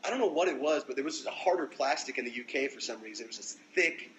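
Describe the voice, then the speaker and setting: A young American man telling stories on a phone livestream in a loose, profane, animated way. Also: mid-range voice, fast, slight background noise, poor audio. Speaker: musician livestreaming to fans. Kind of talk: casual storytelling livestream.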